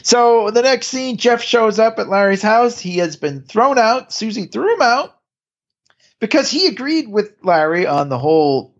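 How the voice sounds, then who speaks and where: Lively, rambling man on a lo-fi podcast. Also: high voice, a little slow. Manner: rambling, lots of restarts and laughter. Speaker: podcast co-host. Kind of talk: casual chat recapping a TV episode.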